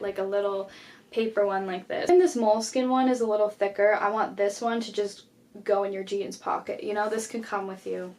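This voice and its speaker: A young woman chatting casually in a vlog, talking about her journals with many "like" fillers. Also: mid-range voice. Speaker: YouTuber.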